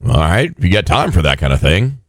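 Deep gravelly-voiced male radio host. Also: big pitch swings, fairly quick, background noise. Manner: jokey, drops into mock pilot voices. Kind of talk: casual morning show banter.

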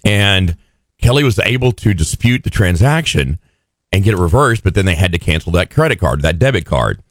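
A man co-hosting a casual chat, quick with reactions and side remarks. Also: low voice, very animated, no room sound. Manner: chatty, quick reactions and asides. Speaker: co-host.

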